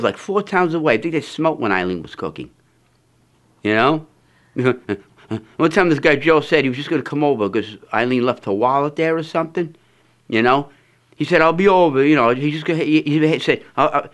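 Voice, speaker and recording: A man's voice: fairly high pitch, animated, brisk. A man telling a rambling, funny anecdote, full of fillers and restarts, often breaking into laughter. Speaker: storyteller. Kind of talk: casual anecdote.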